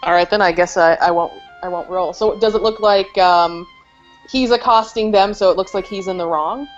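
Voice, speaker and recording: A woman's voice: medium pitch, moderate pace, dull audio, soft background music. Chatty woman playing a tabletop game. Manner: chatty, giggly, hesitant with fillers. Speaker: player. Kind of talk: casual tabletop game play.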